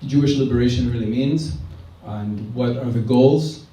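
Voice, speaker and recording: A man's voice: mid-range voice, steady tone, normal speed, mellow. A man speaking thoughtfully at a gathering, with many hesitations and fillers. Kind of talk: public talk. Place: indoor event hall. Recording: very echoey hall, far mic, faint room noise.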